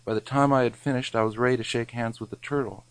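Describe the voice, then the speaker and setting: A man's voice: mid-range voice, fairly even intonation, fast, no room sound, low-quality recording. A man reading a scripted, wry food memoir, his wording mock-grand. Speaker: narrator.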